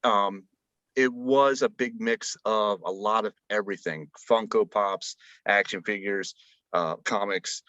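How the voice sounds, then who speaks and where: A man's voice: lowish voice, steady tone, measured pace, pushed and bright, no room sound. A man chatting casually as a podcast guest, rambling with many fillers and restarts. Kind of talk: casual chat.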